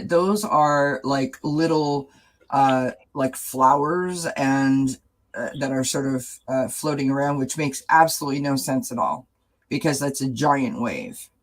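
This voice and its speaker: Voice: medium pitch, poor audio. A host of a tarot chat stream reading oracle cards in a casual, rambling way. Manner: rambling and warm-hearted, with many fillers.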